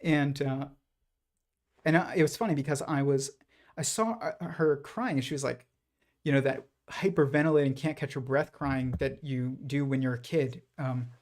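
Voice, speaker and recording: A man's voice: medium pitch, moderate pace, darkish tone. A man hosting a livestream and talking through his ideas in a rambling, reflective way, full of fillers and restarts. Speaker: livestream host. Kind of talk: casual livestream monologue.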